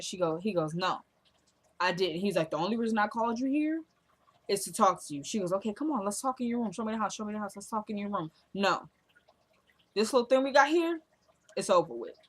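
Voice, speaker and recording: A woman chatting casually in a vlog, recapping a TV episode and acting out the characters' lines as she goes. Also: mid-range voice. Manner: retells scenes acting out both characters' lines; animated and chatty, addresses viewers as y'all. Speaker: TV show reviewer.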